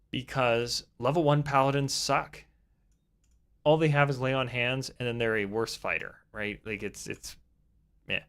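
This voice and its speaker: With a medium-pitched, slightly bright voice, this young man is a YouTuber covering tabletop games. He rambles casually through role-playing advice, restarting often and leaning on filler words.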